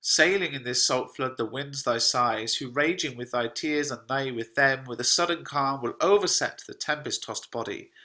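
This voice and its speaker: A man reading the lines of an angry, domineering old father who shouts and scorns. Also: mid-range voice, normal speed, few pauses, natural voice. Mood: scolding.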